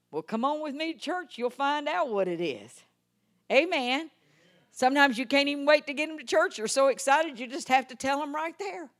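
An older woman delivers a revival sermon with fervor. She drops to a near hush, then lifts into ringing, exclamatory praise, sprinkling amens through her storytelling. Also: high-pitched, lively intonation, normal speed. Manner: impassioned, swinging from hushed to exclaiming. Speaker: preacher.

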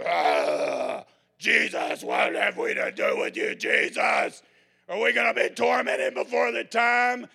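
A man voicing a wild, tormented demon-possessed man who cries out in a hoarse whispered shout. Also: very high voice, huge pitch swings, takes it slowly, voice pushed up, exaggerated voice.

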